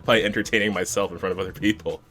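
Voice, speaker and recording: A man's voice: sits low, fairly even intonation, rapid-fire, bright, forceful tone. A man co-hosting a podcast, chatting casually and easily about tabletop role-playing. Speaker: podcast co-host.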